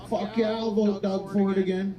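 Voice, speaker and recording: A man performing a stand-up comedy set, telling stories in a dry, deadpan way and acting out quotes. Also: sits high, normal speed, highs cut off, noisy background. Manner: deadpan storytelling with acted-out quotes. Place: comedy stage with a laughing audience. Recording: live audience laughter.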